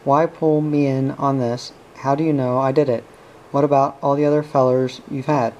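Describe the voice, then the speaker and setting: A man's voice: medium pitch, little pitch movement, normal speed, a little mellow, highs cut off, lightly acted. A man doing a cocky, evasive young man. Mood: harsh. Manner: offhand, defensive.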